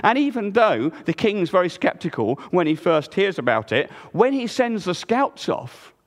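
A man preaching a sermon in a church, swinging between loud emphasis and hushed low tones. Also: big pitch swings, normal speed. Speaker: pastor. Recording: long reverb of a church hall.

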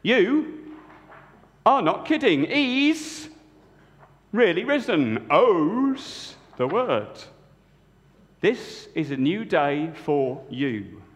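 A man's voice: high voice, big pitch swings, very slow, long pauses, heavily acted. A male preacher playing a plain-spoken man with a northern English accent in a retold Bible story, in an echoey church. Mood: matter-of-fact.

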